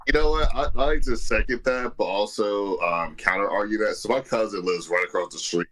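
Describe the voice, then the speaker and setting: A man's voice: lowish voice, a little fast, a bit bright, low-quality recording. A man co-hosting a podcast, telling stories in an exasperated, swearing way. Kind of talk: casual podcast chat.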